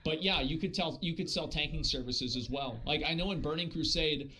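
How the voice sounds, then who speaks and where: A man's voice: fairly high pitch, brisk, pushed and bright, a little hiss or hum, low-quality recording. A man streaming live and chatting casually about a game, rambling with lots of filler words and swearing. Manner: rambling, heavy on fillers and profanity. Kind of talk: casual gaming stream chat.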